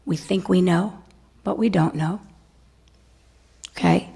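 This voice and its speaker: A woman's voice: lowish voice, steady tone, slow, gravelly, mellow, breathy edge. A middle-aged woman giving an inspirational spiritual talk to a congregation, telling personal stories with laughter and often asking "right?". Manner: storytelling with laughter and frequent "right?". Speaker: guest speaker at a spiritual center.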